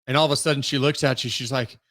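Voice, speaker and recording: A man's voice: mid-range voice, steady tone, fast talker, fairly bright tone. A man talking casually as a podcast guest, telling stories full of "like" fillers. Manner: storytelling, many fillers like "like".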